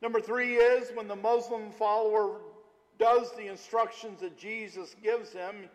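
Middle aged guy preaching, kinda high voice, lots of uhs, big echoey hall sound. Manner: storytelling, animated, with frequent "uh" fillers. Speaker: pastor. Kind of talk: sermon. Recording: long hall reverb.

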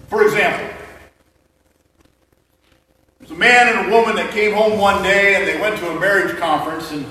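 A man's voice: sits high, pushed and bright. A man preaching a sermon as a pastor, conversational and joking with the congregation. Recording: echoey hall mic from far off.

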